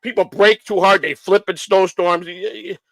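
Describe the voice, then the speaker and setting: A man's voice: sits high, normal speed, no echo, poor audio. Profane, ranting male stream host. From Chicago, United States. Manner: profane, blunt, animated ranting. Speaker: livestream host. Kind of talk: casual storytelling.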